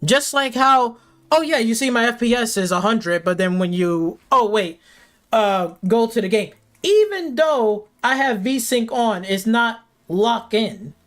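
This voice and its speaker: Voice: mid-range voice, expressive, a little slow, fairly bright tone. Game streamer, live rant, heavy swearing, sarcastic mock panic, repeats words. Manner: repeats words, restarts often. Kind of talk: ranting live stream commentary.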